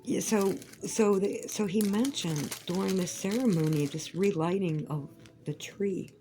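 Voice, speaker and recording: A woman's voice: medium pitch, measured pace, warm tone, faint music behind, rough recording. A woman chatting casually while crafting, rambling and profane, with emphatic outbursts. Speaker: vlogger.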